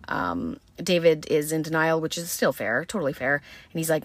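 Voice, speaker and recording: A woman with a low voice recaps a film in an easy, chatty way. She keeps dropping "um" and "like" between her words. She is blunt about what happens and swears without much thought. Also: normal speed, hardly any pauses. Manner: chatty, full of "um" and "like" fillers. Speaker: movie recap host.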